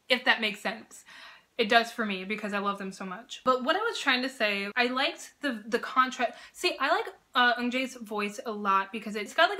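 A woman hosting a reaction video, gushing and swearing with bursts of loud exclamations. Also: a little high. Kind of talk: excited reaction commentary. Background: music video playing.

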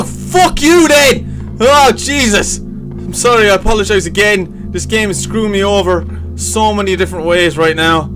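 Young male gaming YouTuber with a high voice and a slow pace, who swears and yelps when scared; game music plays behind him. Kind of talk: let's play commentary. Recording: game music playing underneath.

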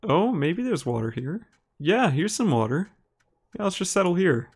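A man from Minnesota with an Upper Midwest American accent, a live streamer giving relaxed, chatty gameplay commentary and reading viewers' messages aloud. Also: fairly high pitch, normal speed. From Minnesota, United States. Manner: relaxed and chatty, laughs easily, talks to viewers by name.

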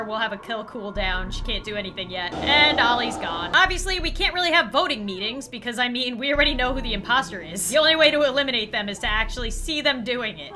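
A woman YouTuber doing excitable gameplay commentary, gasping, squealing and laughing as she reacts. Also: fairly high pitch, slight background noise. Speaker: gaming YouTuber.

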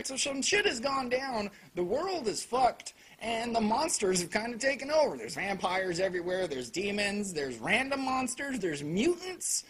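Husky, animated man reviewing anime. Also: high-pitched. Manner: sarcastic, profane, joking. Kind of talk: casual video review.

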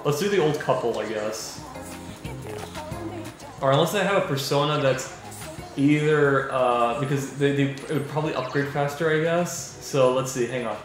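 Man in a very echoey room. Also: medium pitch. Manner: reads game dialogue aloud, laughing often. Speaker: let's play gamer. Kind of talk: casual gameplay commentary. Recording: very echoey room, faint music.

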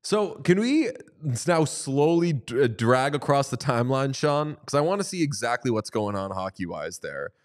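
A man hosts a casual podcast with a playful, jokey delivery. His voice is smooth and clear, sitting in an ordinary middle pitch. He banters and hams up an ad read. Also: normal speed, hardly any pauses. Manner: playful, jokey, animated ad reading. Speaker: podcast co-host.

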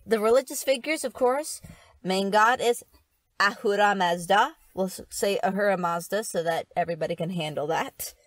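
Brief: mid-pitched female host, chatty and giggly, dry close sound. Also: moderate pace, no echo. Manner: explaining, giggly. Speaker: podcast host. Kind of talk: casual chat.

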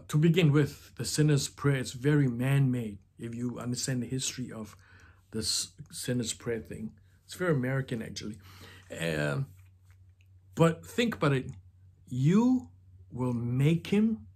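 A man talking slowly and reflectively in an informal devotional talk about faith. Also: medium pitch, darkish tone, breathy edge. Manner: slow and reflective, with pauses. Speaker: Christian speaker.

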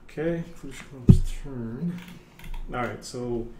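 A man's voice: mid-range voice, slow. A man playing a tabletop wargame, agreeable and counting his moves aloud in casual table talk. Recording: echoey room with clear background noise.

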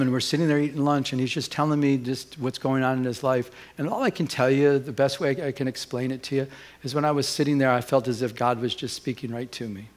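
A middle-aged man preaching a sermon as a pastor, telling a personal story with lively acted-out dialogue and many restarts. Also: mid-range voice.

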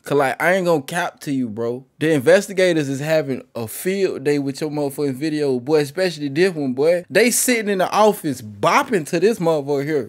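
A man hosting a music reaction video, slangy and animated, talking straight to the rapper. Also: fairly high pitch, fairly quick, few pauses. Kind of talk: casual reaction commentary. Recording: faint music playing behind.

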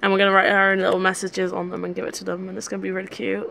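A woman's voice: medium pitch, completely flat delivery, rapid-fire, gravelly, fairly bright tone, slight background noise. A young woman, talking in a chatty, jokey, rambling way while vlogging on a handheld camera. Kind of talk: casual travel vlog chat.

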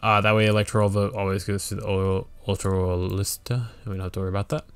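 A man's voice: on the low side, little pitch movement, fast talker, clean tone. A man hosting a let's play, giving casual strategy game commentary and thinking aloud with fillers and restarts.

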